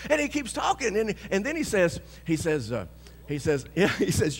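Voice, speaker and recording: A male pastor preaching a sermon, telling a story with lots of chuckles and shouting out bold declarations. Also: high-pitched, big pitch swings, fairly quick, gravelly, slightly rough, big-room sound.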